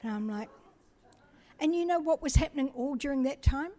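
A middle-aged woman from New Zealand telling her own story with a chatty, self-deprecating warmth. Her voice sits a little high, and she slips into quick bits of dialogue as she talks. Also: expressive, some chatter behind. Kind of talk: personal testimony talk.

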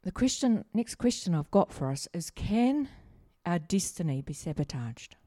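Her voice lowish and mellow but very animated, a middle-aged woman pastor preaches at a moderate pace without echo. She tells personal stories in a chatty, funny way and asks her congregation questions.

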